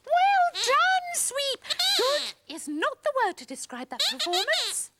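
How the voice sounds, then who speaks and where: A woman's voice: extremely high pitch, wildly swooping pitch, slow, heavily acted. A woman voicing a prim, fussy female panda puppet who scolds and gives elocution lessons. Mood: coaching. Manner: prissy, scolding, elocution-proud. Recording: hissy old VHS tape.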